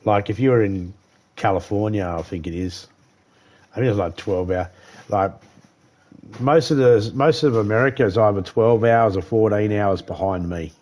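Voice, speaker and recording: A man's voice: lowish voice, normal speed, darkish tone. An Australian man chatting casually while streaming a game live, rambling easily and greeting viewers by name.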